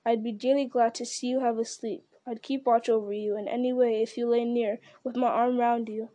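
A woman's voice: on the high side, little pitch movement, a little fast, dark tone, close to an everyday voice. A woman reading a blunt, loyal servant. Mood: earnest. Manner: homely, protective, a bit gruff. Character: loyal plain-spoken male servant, stubborn and blunt. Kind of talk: audiobook reading.

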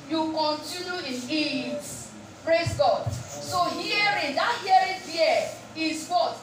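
A woman's voice: sits high, a little hiss or hum. A woman preaching a sermon. She asks the congregation questions and keeps saying "praise God" between points. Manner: call-and-response questions, repeated "praise God". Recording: echoey room, distant mic, faint music.

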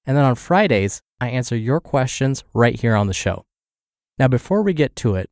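A man hosting a daily podcast, reading a health blog article aloud in a steady scripted way, slightly stuffed up from the flu. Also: mid-range voice, normal speed, no room sound, clean studio sound.

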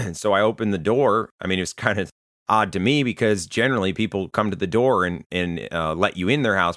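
A pastor, a man with a lowish voice, preaches in a relaxed, conversational manner and slips into stories about people he has met. The sound is dry and close, with no room echo. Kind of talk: sermon to listeners.

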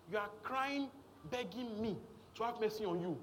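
A man's voice: sits high, moderate pace, slight background noise. A man preaching a sermon, emphatic and repetitive, often checking in with the congregation.

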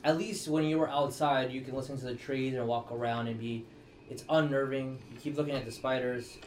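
Man, dungeon master, mid pitch, halting narration, noisy recording. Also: fairly even intonation. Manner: halting, full of restarts. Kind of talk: narrating a tabletop game.

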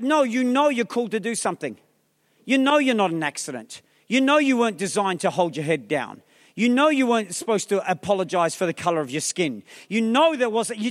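High-voiced man preaching in a theatre. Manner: energetic preaching, rousing the crowd with calls and questions; humorous asides. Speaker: pastor. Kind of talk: sermon. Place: large theatre hall. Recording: long reverb of a large theatre.

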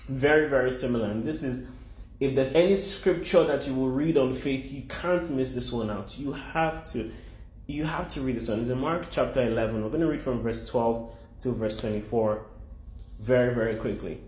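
A man preaching a sermon in an animated way, repeating phrases for emphasis. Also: mid-range voice, moderate pace, reverberant, slight background noise.

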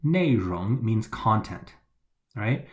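A man's voice: fairly low pitch, very animated, takes it slowly. A man explaining Mandarin grammar to learners, patiently repeating the key points. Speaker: language teacher.

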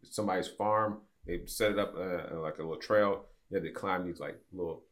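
A man in his fifties, a podcast guest, tells a long story in a deep, low voice that's steady and fairly bright. He chats casually and brings the people in the tale to life with quick voice changes.

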